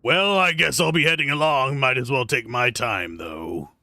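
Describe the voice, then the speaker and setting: A man voicing a gruff male villain, read in a scornful mutter. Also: medium pitch, moderate pace, bright, forceful tone, no echo. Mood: grumbling.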